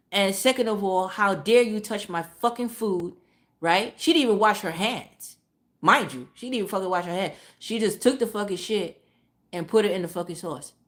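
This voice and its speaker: A woman's voice: mid-range voice, fairly bright tone. A woman streamer telling a casual story, swearing freely and repeating phrases for emphasis. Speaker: live streamer.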